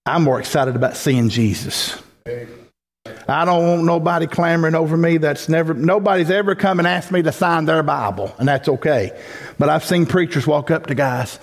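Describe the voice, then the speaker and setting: A man's voice: fairly high pitch, moderate pace. A man preaching a folksy sermon as pastor, building to emphatic peaks. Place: church sanctuary. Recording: long hall reverb.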